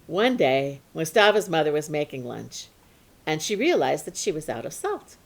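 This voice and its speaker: A woman telling a folk tale to children, animated and playful. Her pitch swoops widely, and she drops to a hush and then leaps up again. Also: moderate pace. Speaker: storyteller. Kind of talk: storytelling for children.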